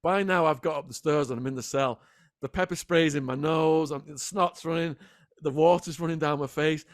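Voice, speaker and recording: A man guest in a sit-down interview, retelling events in an animated, dramatic way. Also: on the high side, normal speed, no room sound, clean studio sound. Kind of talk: vivid storytelling in a sit-down interview.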